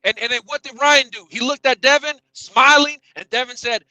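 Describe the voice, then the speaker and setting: A man with a very high, piercing voice and a sharp, tense edge rants about boxing and shouts down his co-hosts. The recording is dry and close, with no room sound. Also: brisk, few pauses, dry recording, rough recording. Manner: loud, profane, ranting, shouts at co-hosts. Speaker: podcast host. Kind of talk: heated boxing debate. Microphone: streaming podcast mic.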